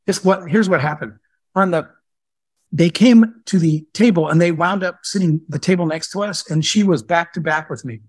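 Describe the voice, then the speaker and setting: A man speaking as a guest entrepreneur in a live question-and-answer talk, telling stories in a lively, conversational way. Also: a little high, normal speed, slightly rough, no room sound, studio quality. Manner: animated storyteller who acts out dialogue.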